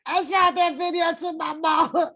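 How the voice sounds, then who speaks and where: A woman's voice: very high voice, level tone, fairly bright tone. A woman streamer telling a comic story in casual chat, laughing often and swearing freely. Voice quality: laughing, profane, drawn-out.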